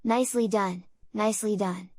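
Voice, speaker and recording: A woman voicing a bossy, excitable farmyard goose who repeats her urgent warnings. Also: mid-range voice, normal speed, dry recording, lightly acted. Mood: excited.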